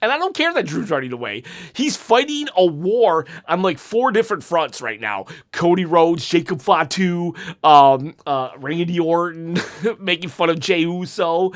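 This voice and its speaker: A man hosting his own channel, reviewing a show in a rambling, excitable way and laughing often. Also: fairly high pitch, measured pace. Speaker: wrestling commentary channel host. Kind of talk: casual solo show review.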